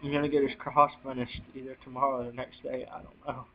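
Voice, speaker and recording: A young man telling a personal story on a home video, choked up and near tears, talking in halting bursts with sighs and restarts. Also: mid-range voice, level tone. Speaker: vlogger. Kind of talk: emotional personal account. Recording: dull lo-fi home video audio.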